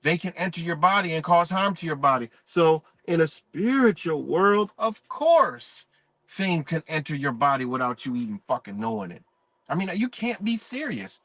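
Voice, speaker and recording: A man holds forth in a live-stream monologue, preachy and emphatic, swearing freely. His voice sits a little high for a man. The sound is dry and close. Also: very animated, normal speed, fairly bright tone, dry recording.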